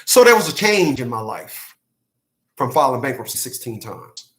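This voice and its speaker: A man's voice: mid-range voice, sing-song, moderate pace, a bit bright. A man hosting his own channel, delivering a blunt, profane, preachy rant straight to his viewers. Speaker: channel host. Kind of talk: rant monologue to camera.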